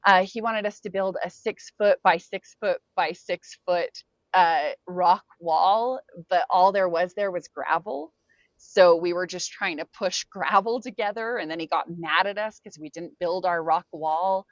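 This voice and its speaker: A woman talks through a personal story as a podcast guest, her speech loose and casual and sprinkled with "like" and "um". Her voice sits fairly low for a woman. The recording is dry and a little dull, with no room around her. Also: a little slow, no echo. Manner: casual, frequent "like" and "um" fillers.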